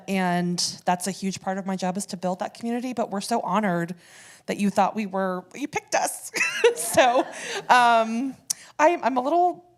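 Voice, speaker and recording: A woman from a community theater speaking off the cuff at a church service, emotional, halting and laughing between phrases as she thanks the congregation. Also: mid-range voice, a little mellow. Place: church sanctuary.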